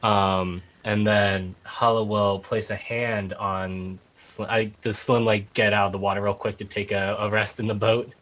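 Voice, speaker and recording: Slow, low-voiced man playing. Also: little pitch movement, fairly bright tone, rough recording. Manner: slow, hesitant, describing actions. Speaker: player. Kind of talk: playing a tabletop game.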